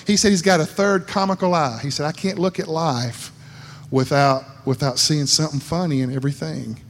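A man's voice: fairly high pitch, moderate pace. A man preaching a folksy sermon, rambling and repeating words, laughing at himself and acting out voices in his stories. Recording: long hall reverb.

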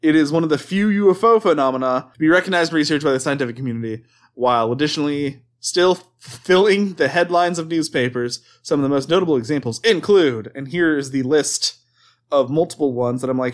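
A man's voice: a little high, fairly quick. A man hosting a casual podcast, reading items from a list aloud with frequent laughs and stumbles. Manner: swears and laughs at his own mistakes. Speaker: podcast host reading cryptid lore.

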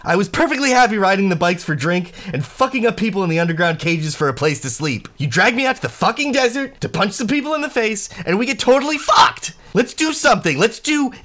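Brief: man voicing a brawler woman, loud and fast rants, itching for a fight. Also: medium pitch, big pitch swings, voice pushed up. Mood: furious ranting. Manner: ranting, swearing, shouting. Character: brash, foul-mouthed young woman brawler itching for a fight.

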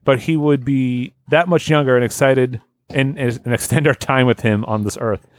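A man's voice: mid-range voice, steady tone, normal speed, no echo. A man hosting a casual podcast, reading listener lists aloud, joking and laughing often. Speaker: podcast host.

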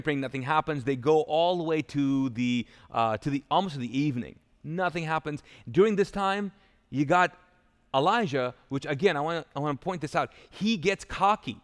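A man's voice: a little high, clean tone. A male pastor preaching a sermon live in a church, retelling a story in a casual, joking way with loose paraphrase. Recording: live church hall reverb.

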